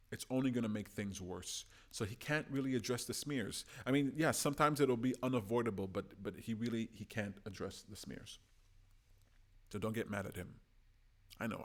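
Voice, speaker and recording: Brief: male solo commentator, impassioned, swings between loud urging and hushed asides. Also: on the low side. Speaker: political commentary host.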